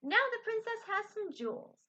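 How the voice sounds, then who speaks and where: A woman reading a storybook aloud, voicing an eager young girl with high, excited exclaiming. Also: normal speed, exaggerated voice. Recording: dull lo-fi recording.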